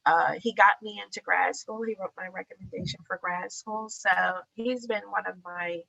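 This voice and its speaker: A woman artist giving a casual guest talk, animated and acting out the dialogue in her stories. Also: mid-range voice, normal speed, vocal fry, husky, no room sound. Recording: dull lo-fi sound.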